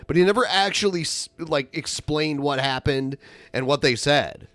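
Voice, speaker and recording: A man's voice: a little high, steady tone, normal speed, a bit bright, no echo. A man co-hosting a podcast, arguing in casual, exasperated chat. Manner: argumentative, exasperated. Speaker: podcast co-host.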